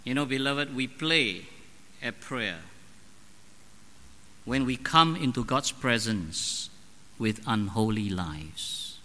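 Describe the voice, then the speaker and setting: A male preacher delivering a sermon in a slow, deliberate, emphatic way, often posing questions to his congregation. His voice is strikingly bright and swings widely in pitch, sitting a little high for a man. The sound carries the long reverb of a large church hall. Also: expressive.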